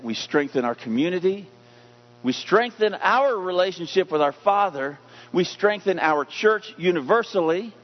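A man preaching a sermon as pastor, emphatic, putting questions to his congregation. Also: a little high. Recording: dull lo-fi recording.

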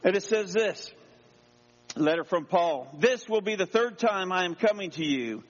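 A man preaching an energetic Easter sermon as pastor in a church, exclaiming and calling for amens. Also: high-pitched, normal speed. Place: church sanctuary. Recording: dull sound in a long-echo hall.

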